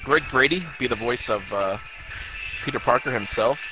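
A man in relaxed, swearing banter with a friend, reminiscing about old cartoons. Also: mid-range voice, normal speed, over music, poor audio. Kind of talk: casual chat.

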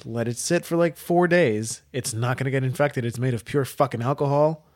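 A man's voice: medium pitch, normal speed. A man co-hosting a casual podcast, reading encyclopedia text aloud and riffing on it with lots of swearing. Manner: reads aloud then riffs with heavy swearing. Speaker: podcast co-host reading wiki entries.

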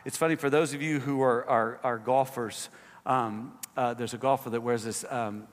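A man preaching a sermon as pastor to a church congregation, swinging between emphatic, raised exhortations and quieter asides with fillers. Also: medium pitch, steady tone, moderate pace. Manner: impassioned, rising to emphatic peaks, frequent fillers in asides. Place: church sanctuary. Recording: long reverb of a large hall.

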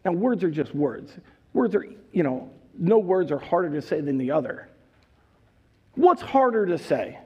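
A man preaching a sermon, animated and joking, acting out characters as he goes. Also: on the high side, unhurried, breathy edge, dull audio. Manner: animated, acts out voices, jokes. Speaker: pastor.

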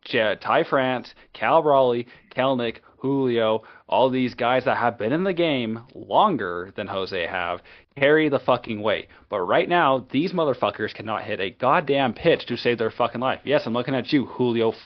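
A man co-hosting a sports podcast, ranting in a heated, profane, rapid-fire way. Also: medium pitch, expressive, muffled recording. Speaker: podcast co-host.

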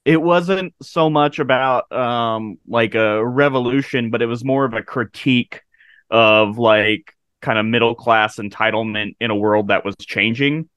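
A man's voice: medium pitch, measured pace, a bit bright, smooth, no room sound. A man in his thirties chatting casually about a film, laughing often and swearing freely. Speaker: podcast co-host.

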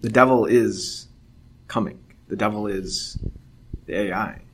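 A man's voice: fairly low pitch, a little slow, a bit bright, slight background noise. A man co-hosting a podcast, musing in casual chat with restarts. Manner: musing, thinks aloud with restarts. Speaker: podcast co-host.

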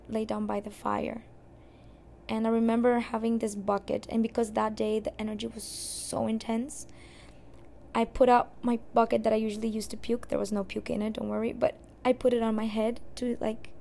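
A young adult woman hosting a podcast, candidly telling a personal story in a casual, expressive way and cursing now and then. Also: on the high side, normal speed, creaky. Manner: candid and expressive, swears and laughs at herself. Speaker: podcast host.

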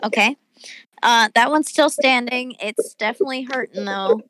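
A woman's voice: on the high side, moderate pace, pushed and bright, rough recording. A woman running a tabletop game as game master, chatty and full of small hesitations.

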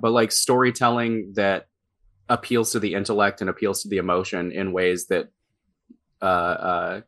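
A man's voice: fairly low pitch, fairly bright tone. A man who writes for games, talking casually in an interview, rambling with many fillers and restarts. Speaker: game writer.

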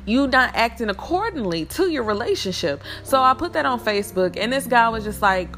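A woman's voice: fairly high pitch, lively intonation, a little fast, hardly any pauses, a bit bright, soft background music. A woman venting in a blunt, heated, profane casual monologue.

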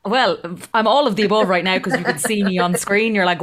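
A young Irish woman co-hosting a dating podcast, joking and teasing her friend in quick casual banter. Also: mid-range voice, fairly even intonation, a bit bright. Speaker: podcast co-host. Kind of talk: casual chat.

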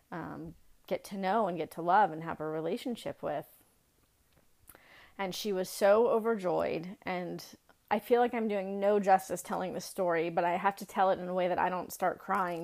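Middle-aged woman, low gravelly voice, earnest personal storyteller, halting and reflective. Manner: earnest, reflective, many fillers and restarts.

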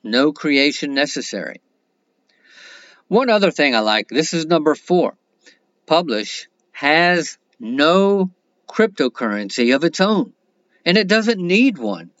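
Lively-voiced man hosting a solo podcast. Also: a little high, slow pace, dry recording, highs cut off. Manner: plain, methodical, counts points off in order. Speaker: podcast host.

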